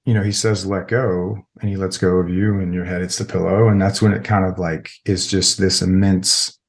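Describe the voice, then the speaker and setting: Low-voiced middle-aged man telling a story. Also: level tone, normal speed. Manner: rambling, heavy with filler words. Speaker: podcast guest, military veteran. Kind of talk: casual interview storytelling.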